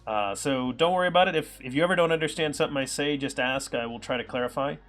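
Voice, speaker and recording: A man's voice: mid-range voice, quick pace, a bit bright, faint music behind. A man with an American Midwest accent hosts a live coding stream, thinking aloud with lots of ums and reading chat messages aloud. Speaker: livestream programmer host.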